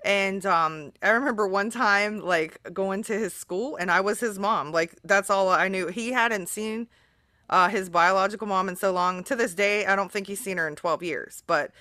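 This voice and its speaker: Woman, podcast host, bright voice, rambling, earnest, casual chat. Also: mid-range voice, moderate pace, no room sound, studio quality. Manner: rambling, earnest, many fillers.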